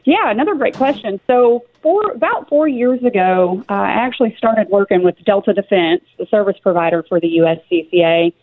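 A woman's voice: mid-range voice, expressive, brisk, few pauses, dry recording. A woman with a Southern US accent from Tennessee, a guest in a radio interview, talking in an earnest, conversational way. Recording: dry, phone-like line.

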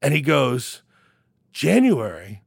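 A man tells his startup story in a relaxed interview. His voice has a gravelly edge and sounds close and dry. He stumbles and restarts, then throws himself into the quoted lines. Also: medium pitch, takes it slowly, no echo. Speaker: startup founder and CEO.

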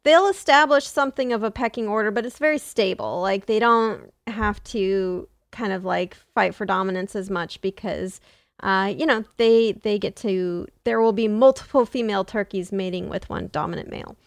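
A woman's voice: medium pitch, moderate pace, dry recording. Dry-voiced playful woman host. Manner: playful, breaks into silly voices and laughs. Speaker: podcast host. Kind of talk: casual comedic chat.

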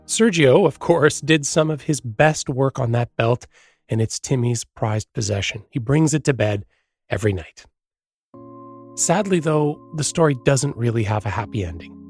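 Man, reporter, scripted narration, measured, mid pitch, faint music behind. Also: animated, darkish tone. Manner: measured storytelling. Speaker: reporter narrating a feature story.

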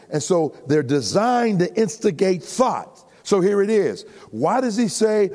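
An older man preaching a sermon, animated and humorous, sometimes shouting. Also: sits high, slow. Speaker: pastor. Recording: reverberant hall recording.

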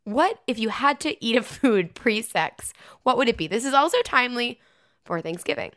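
A woman's voice: a little high, animated, moderate pace, fairly bright tone. A woman co-hosting a podcast, chatting casually and wryly and laughing easily, close on a desk microphone. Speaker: podcast co-host. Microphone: desk microphone close to face.

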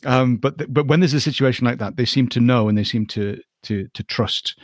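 A man hosting a casual interview, calm and reassuring, repeating words as he gathers his thoughts. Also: mid-range voice, brisk, no echo. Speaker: host.

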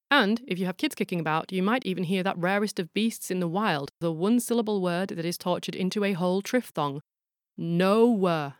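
A woman's voice: fairly low pitch, no echo, clean studio sound. A woman hosting a podcast, reading a scripted narration in a playful, explanatory way and sounding out examples aloud. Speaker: podcast host.

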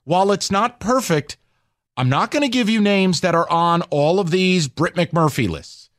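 A man hosting a sports radio show, arguing his case with sarcasm and animated emphasis. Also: high-pitched, normal speed, no echo, studio quality. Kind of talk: heated sports talk radio. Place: radio studio.

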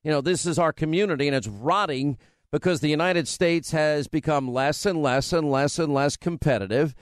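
A man hosting a talk radio show from a studio microphone, speaking briskly and emphatically and joking with his staff. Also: a little high, dry recording.

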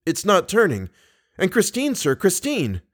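An anxious young nobleman pushes his words out with urgency, pitched well above an ordinary speaking voice, as a male audiobook reader acts him out. He sounds impatient and pleading, a storybook hero short on patience. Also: expressive, moderate pace. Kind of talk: audiobook character reading.

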